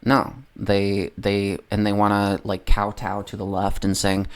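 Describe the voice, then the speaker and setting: A man's voice: fairly low pitch, completely flat delivery, a little slow, clear, resonant tone. A man ranting about politics on a livestream, swearing constantly, rambling and often losing his train of thought. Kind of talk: profane political rant on a livestream.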